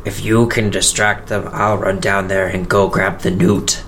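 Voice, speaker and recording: A man voicing a gruff male pirate adventurer in a tabletop game, in a low growled put-on voice. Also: little pitch movement, a little slow, a bit bright, a little hiss or hum. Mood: urgent.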